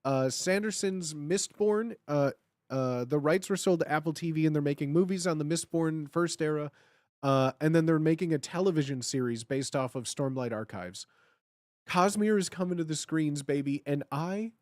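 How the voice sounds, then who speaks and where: Young man, live streamer, slightly high voice, dry close mic, excitable, rambling, lots of ums and restarts. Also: normal speed, no echo. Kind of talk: casual live-stream chat.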